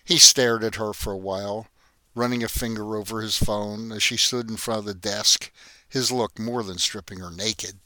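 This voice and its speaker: A man reading a story aloud as a steady narrator. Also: fairly low pitch, moderate pace, dry recording. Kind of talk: scripted narration.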